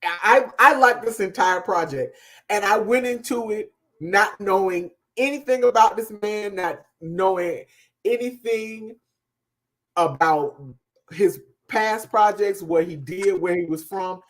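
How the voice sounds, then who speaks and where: A woman co-hosting a podcast, giving a casual, emphatic music review that trails off softly at the ends of thoughts. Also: medium pitch, unhurried. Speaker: podcast co-host.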